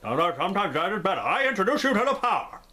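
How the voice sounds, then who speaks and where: A man's voice: high-pitched, very animated, rapid-fire, bright, forceful tone, pitched above the performer's own voice, exaggerated voice. A man doing an ominous old man. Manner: ominous, urgent warnings.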